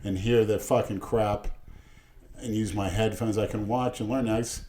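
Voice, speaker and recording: A middle-aged man with a low, mellow voice, chatting on a podcast. He makes blunt, gruff remarks in a plain, unhurried way. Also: steady tone, slight background noise. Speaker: podcast regular. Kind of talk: casual chat.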